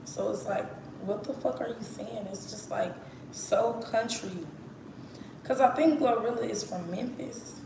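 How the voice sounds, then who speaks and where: A woman's voice: fairly high pitch, measured pace, gravelly. A woman from East Texas with an East Texas accent, chatting candidly and profanely on a livestream. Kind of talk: casual livestream chat. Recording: echoey room with background noise.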